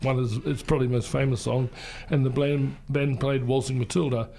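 Homme kiwi à la voix rocailleuse. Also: male voice, mid-range voice, little pitch movement, brisk, creaky, dark tone, a little hiss or hum. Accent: New Zealand. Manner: rambling, full of ums. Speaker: community radio host. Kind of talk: casual radio chat.

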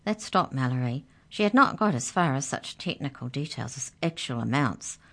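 Storyteller, woman, low voice, expressive children's reading. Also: moderate pace.

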